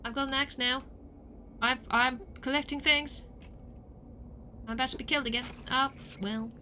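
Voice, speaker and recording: Woman streamer, casual game play, joking asides, bright high voice. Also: fairly even intonation, normal speed, a little hiss or hum. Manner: joking, talks to herself, rambling questions.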